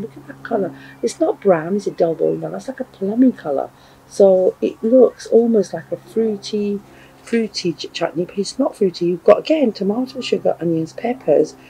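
Casting note: man, food vlogger, effusive and gushing, warm husky voice. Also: sits high, poor audio. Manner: gushing and effusive, repeats exclamations. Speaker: food reviewer. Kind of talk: enthusiastic product review vlog.

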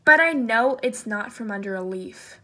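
A woman's voice: a little high, lively intonation, normal speed, pushed and bright. A woman doing a giggly storybook lion. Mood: teasing.

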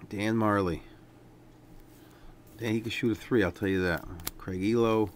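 A man casually talking through a stack of sports trading cards, relaxed and rambling with lots of fillers. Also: fairly low pitch, a little slow, slight background noise. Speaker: card collector vlogger. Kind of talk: casual unboxing commentary.

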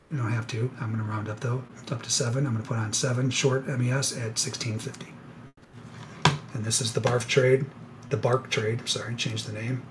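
A man giving live trading commentary on a webinar, excitable and sarcastic, rambling with self-corrections, a little out of breath. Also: mid-range voice, background noise. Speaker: futures trader presenting a live webinar.

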